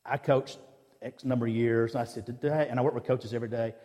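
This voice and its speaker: A man's voice: mid-range voice, fairly even intonation, a little fast, dark tone, long reverb tail. A man giving a sermon in a conversational, storytelling way, acting out the dialogue of his anecdotes. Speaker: preacher. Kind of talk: sermon with personal stories. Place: church.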